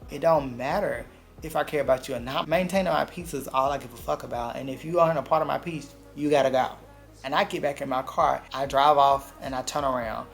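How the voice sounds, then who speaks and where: A man's voice: mid-range voice, a little fast, creaky, faint music behind. A man telling a dramatic personal story in a blunt, profane storytime vlog. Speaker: vlogger.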